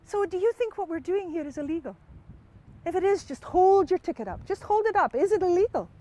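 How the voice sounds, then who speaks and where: A Scottish woman telling a folk tale to a live audience in an animated, conversational way. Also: very high voice, fairly quick. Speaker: storyteller.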